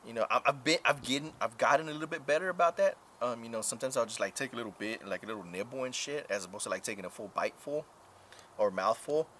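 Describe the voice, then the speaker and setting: A man's voice: medium pitch, lively intonation, fairly bright tone, a little hiss or hum. A man live-streaming casual chat, talking frankly and profanely, rambling with lots of fillers while answering viewers. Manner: drawn-out filler-heavy talk.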